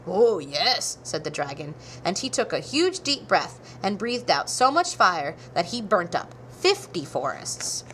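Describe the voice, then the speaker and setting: A woman reading a children's storybook aloud, with expressive, animated narration. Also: on the low side, unhurried, few pauses, slight background noise. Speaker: storybook reader.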